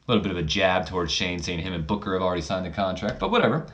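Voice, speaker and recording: A man's voice: sits low, animated, racing, hardly any pauses, a bit bright. A man casually narrating a wrestling sim playthrough in a rambling, self-deprecating way. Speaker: channel host.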